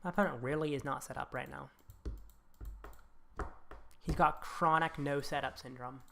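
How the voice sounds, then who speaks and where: A woman's voice: rumbling low, steady tone, normal speed, gravelly, slight background noise. A woman giving casual, muttered commentary while playing a card game, reassuring herself that every setback is fine.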